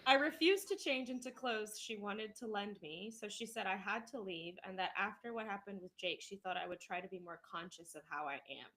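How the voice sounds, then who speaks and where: A young woman co-hosting a podcast, reading a story aloud in an animated way and breaking into laughs. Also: mid-range voice, brisk, hardly any pauses, rough recording. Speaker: podcast co-host. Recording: noticeable background noise.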